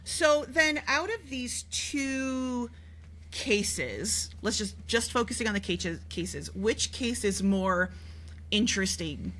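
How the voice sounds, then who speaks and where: A woman's voice: fairly high pitch, lively intonation, slow pace, a bit bright, slight background noise. A woman co-hosting a podcast, chatting casually about a TV show in a rambling way with lots of fillers and restarts. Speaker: podcast co-host. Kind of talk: casual TV recap chat.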